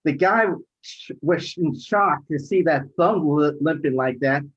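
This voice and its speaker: Animated middle-aged man telling a story. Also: a little high, measured pace, husky. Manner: animated, acts out quoted voices loudly. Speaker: rideshare driver guest. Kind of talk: casual storytelling. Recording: dull lo-fi audio.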